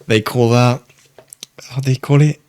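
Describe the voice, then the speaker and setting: A young man from France with a French accent, telling a fishing story as a guest in a casual, animated chat. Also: mid-range voice, moderate pace, no room sound. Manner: animated storyteller, loose and chatty.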